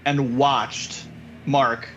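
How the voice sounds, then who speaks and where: A man co-hosting a podcast in casual chat, excitable and quick with asides, swearing freely. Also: medium pitch, a little hiss or hum. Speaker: podcast co-host. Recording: slightly dull lo-fi sound.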